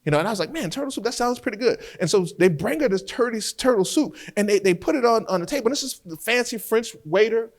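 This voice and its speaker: Brief: male defense attorney giving a lecture with courtroom stories, higher-pitched, animated, stumbling restarts. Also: quick pace, hardly any pauses. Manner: animated storyteller who repeats words as he restarts. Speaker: criminal defense lawyer teaching trial skills.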